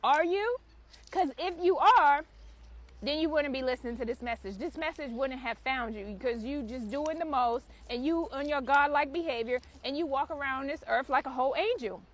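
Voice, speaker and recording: Woman, higher-pitched, fiery spiritual mother with a preachy tone, swears freely. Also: a little fast, few pauses. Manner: preachy and emphatic, swears freely, asks rhetorical questions. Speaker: spiritual content creator and mother. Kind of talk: impassioned spiritual message to camera.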